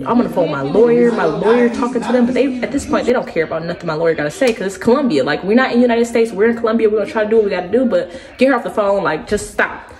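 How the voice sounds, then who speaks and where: A young woman vlogger telling a personal story in a casual, animated way. She keeps addressing her listeners directly. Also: medium pitch, very fast, hardly any pauses, crowd noise. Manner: acts out other people's words as she tells it.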